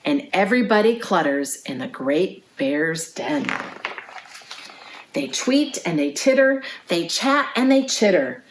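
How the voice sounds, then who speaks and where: A woman who is a youth librarian, reading a picture book aloud for children in an expressive storytime style and leading sing-along songs. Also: lowish voice, takes it slowly, slight background noise.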